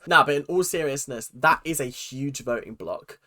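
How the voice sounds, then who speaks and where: A man's voice: medium pitch, moderate pace, bright, forceful tone. A man hosting a reaction video, chatting casually and exaggerating with mock voices.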